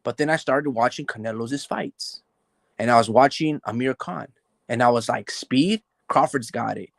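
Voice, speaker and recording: A man talking casually about a boxing match as a podcast host, animated and loose, filling his talk with "like" and "bro" and acting out the fighters' thoughts. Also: mid-range voice, normal speed, gravelly, dry recording. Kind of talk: casual boxing analysis chat.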